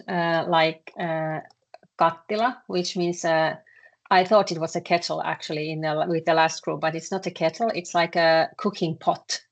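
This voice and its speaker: With a lowish voice and a Finnish accent, this woman gives a language lesson, hesitating often, using plenty of fillers, and saying words over again while explaining.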